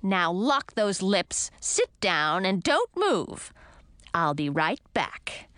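A woman's voice: mid-range voice, sing-song, slow, sharp tone, no echo, clean studio sound, heavily acted. A woman voicing a snarling spiteful witch. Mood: menacing. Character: cranky spiteful old female witch. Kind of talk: audiobook character voice.

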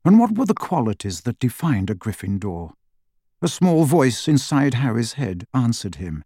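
A man reading a story aloud as an audiobook narrator, in measured, dramatic storytelling. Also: medium pitch, big pitch swings, mellow, dry recording, clean studio sound. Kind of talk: scripted narration.

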